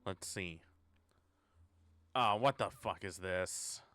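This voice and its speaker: A man's voice: on the low side, slow pace, pauses often, bright, forceful tone. A man streaming a horror game, thinking aloud in a sarcastic, swearing way. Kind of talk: casual horror game let's play.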